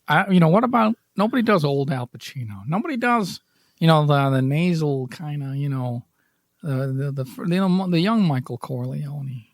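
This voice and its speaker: Male podcast host, raspy, a touch high, dry close sound with faint music under him, loose self-mocking ramble. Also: no echo. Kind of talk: casual rambling chat.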